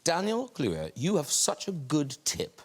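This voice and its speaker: A man's voice: fairly high pitch, huge pitch swings, a little slow, husky. A male talk-show host asking guests chatty, teasing questions. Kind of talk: chatty interviewing.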